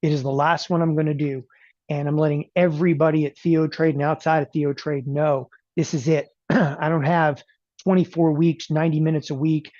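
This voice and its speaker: A middle-aged man giving a casual, emphatic sales talk for a trading event, rambling and often clearing his throat and tossing in "okay?" asides. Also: fairly high pitch, little pitch movement, moderate pace, a little mellow, no room sound, lo-fi sound. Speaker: trading educator promoting a live event.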